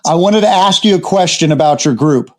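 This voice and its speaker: A man co-hosting a gaming podcast, easygoing and quick to laugh in casual chat. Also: fairly high pitch. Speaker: podcast co-host.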